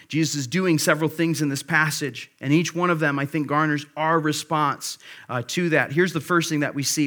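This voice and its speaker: A man in his thirties preaching a sermon as pastor, conversational and earnest, with bursts of excitement. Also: fairly high pitch, moderate pace.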